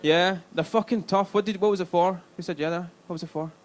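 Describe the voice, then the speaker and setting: A man's voice: high-pitched, fairly even intonation, quick pace. Sweary Glaswegian stand-up man. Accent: Glaswegian Scottish. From Scotland, Glasgow. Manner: chatty, sweary, addresses the crowd with "right?". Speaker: stand-up comedian. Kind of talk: live stand-up set. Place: comedy club stage.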